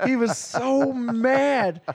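High-voiced young man telling stories. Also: drawn-out words, a little hiss or hum. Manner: laughing storyteller, acts out quoted voices. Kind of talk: casual chat.

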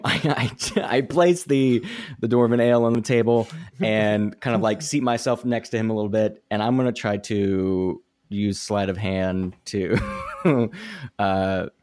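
A man playing a tabletop game, thinking out loud and hesitant as he plans. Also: lowish voice. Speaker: player.

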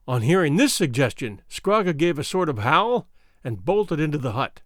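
A man's voice: a little high, normal speed, no echo, clean studio sound. A man narrating a classic adventure novel aloud in a dramatic, formal storytelling manner. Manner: lively, dramatic storytelling with an old-fashioned formal tone. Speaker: audiobook narrator.

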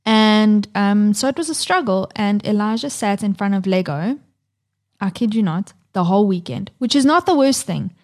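A woman's voice: mid-range voice, lively intonation, moderate pace. A woman in her thirties co-hosting a podcast, talking candidly and swearing freely about family life. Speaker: podcast co-host. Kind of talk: casual chat.

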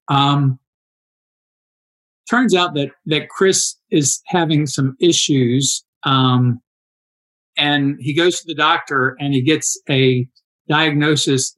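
A man in his sixties telling stories in a casual interview, animated and acting out quoted dialogue. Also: a little high, low-quality recording. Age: 60s. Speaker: interview guest, endurance athlete.

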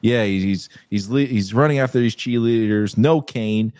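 A man's voice: on the low side, moderate pace, darkish tone, no echo. A man co-hosting a casual chat show, joking and laughing a lot. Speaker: co-host.

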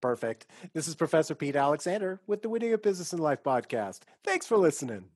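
A man's voice: a little high, big pitch swings, quick pace, darkish tone, no room sound. Man, podcast host, upbeat and appreciative, dry close sound. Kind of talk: scripted interview questions.

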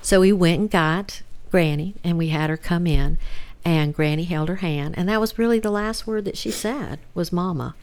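Soft-spoken woman telling a family story. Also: on the low side. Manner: halting, soft-spoken, laughs through tears. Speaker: guest relative.

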